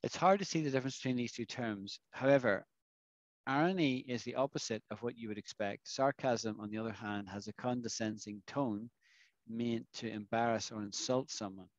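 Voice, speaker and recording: A man's voice: mid-range voice, normal speed, dry recording. A man leads an online English lesson over a video call. His voice sounds dry and a little dull. He explains expressions patiently and keeps checking in with the class. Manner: explanatory, asks the class questions. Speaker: English teacher.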